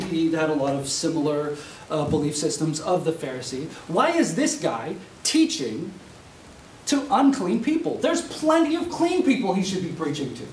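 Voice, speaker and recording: Guy preaching a sermon, high voice that jumps all over, acts out little voices, echoey room, mic kinda far, faint hiss. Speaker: preaching student. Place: university classroom.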